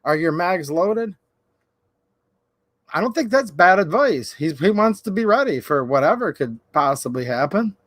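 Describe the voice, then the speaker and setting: A man's voice: high voice, very animated, normal speed, fairly bright tone, no echo. A man hosting a livestream, telling rambling stories and chatting with viewers. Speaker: channel host. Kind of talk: livestream commentary.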